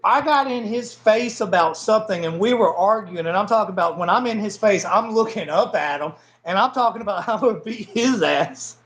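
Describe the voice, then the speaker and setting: A man's voice: high voice, normal speed, hardly any pauses, a bit bright, rough recording. A blunt, profane man in his forties with a Southern American accent, chatting casually as an interview guest and laughing often. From Southern United States. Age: 40s. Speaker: guest wrestler. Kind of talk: casual chat.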